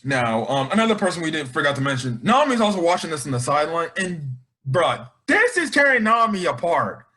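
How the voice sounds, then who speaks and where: A man with a high voice talks through an anime review in casual chat. His pitch swings widely as he rambles, restarts and drops in slang. He sounds excitable throughout. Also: fairly quick, hardly any pauses.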